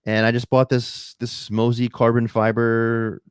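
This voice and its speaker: A man co-hosting a podcast in casual chat, halting and restarting as he asks curious questions. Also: mid-range voice, monotone, clear, resonant tone, no echo, clean studio sound. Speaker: podcast co-host.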